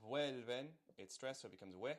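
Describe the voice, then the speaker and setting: A man's voice: medium pitch, a little fast. Male language tutor, mid-range voice, patient and methodical, explains lyrics word by word. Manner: patient, repeats words and checks in with "right?". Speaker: language teacher. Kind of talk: explaining song lyrics line by line.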